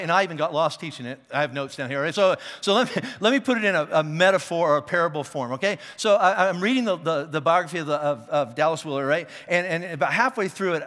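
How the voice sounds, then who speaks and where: Preaching in a church auditorium that gives a big-room sound, the man speaks with a fairly high, fairly bright voice. His delivery is conversational, with regular check-ins with listeners, and he keeps restarting and repeating words while he thinks.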